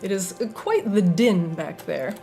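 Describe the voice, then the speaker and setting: A woman's voice: fairly low pitch, expressive, slow pace, gravelly, mellow. A woman narrating and explaining the rules as game master of a tabletop role-playing game, chatty with many fillers.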